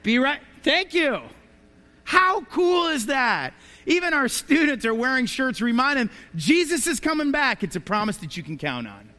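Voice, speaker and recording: A man with a high, light voice preaches to his congregation, spinning anecdotes and tossing out rhetorical questions. His words ring out with a long reverberant tail, as if spoken in a large church sanctuary. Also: big pitch swings, moderate pace, pushed and bright. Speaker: pastor. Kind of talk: sermon. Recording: reverberant hall.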